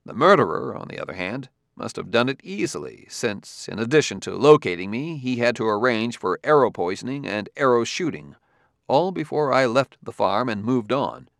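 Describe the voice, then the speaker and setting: A man voicing a dogged male Earth detective who presses and cross-examines in a raised, forceful voice, recorded dry. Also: mid-range voice, lively intonation, moderate pace, gravelly, dry recording. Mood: accusing.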